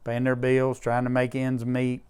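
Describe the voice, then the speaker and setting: A man's voice: medium pitch, completely flat delivery, measured pace, darkish tone, clear, resonant tone. A middle-aged man telling heartfelt stories about disaster relief in an interview. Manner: earnest, emotional storyteller with Southern grammar. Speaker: disaster relief charity leader. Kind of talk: interview storytelling.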